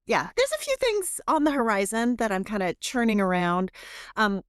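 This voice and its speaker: A middle-aged woman professor, chatty and animated, often interrupting herself as she talks in a podcast interview. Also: medium pitch, moderate pace, smooth, dry recording, clean studio sound. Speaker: guest professor.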